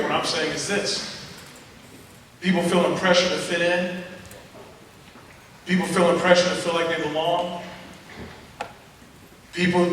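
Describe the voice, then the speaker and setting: Bright-voiced man speaking in an echoey hall. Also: high-pitched, a little hiss or hum. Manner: animated storytelling, acting out quotes. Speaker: motivational speaker. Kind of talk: motivational speech to students. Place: school assembly hall. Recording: echoey hall recorded from far off.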